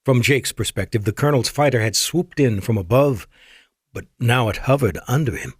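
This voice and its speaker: A man's voice: medium pitch, normal speed, breathy edge, dry recording, clean studio sound. Man narrating a sci-fi audiobook. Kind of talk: scripted narration.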